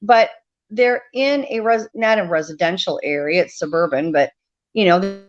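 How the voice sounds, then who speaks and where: A woman's voice: on the low side, normal speed. A woman guest chatting casually and laughing easily on a radio show, calling in by video. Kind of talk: casual chat over a video call. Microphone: video call. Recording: dull video call audio.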